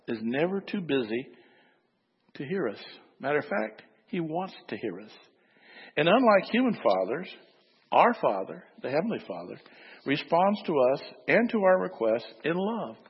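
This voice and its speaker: A man's voice: mid-range voice, husky, big-room sound, highs cut off. A man preaching a sermon, telling a story and acting out its voices before making his point. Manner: storytelling, acts out voices in the anecdote. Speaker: pastor.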